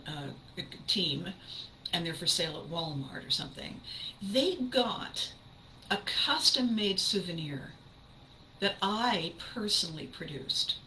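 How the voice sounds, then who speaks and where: A woman's voice: on the low side, bright, forceful tone, a little hiss or hum, low-quality recording. An older woman, a voice actress hosting her podcast, telling stories in an enthusiastic, emphatic casual monologue.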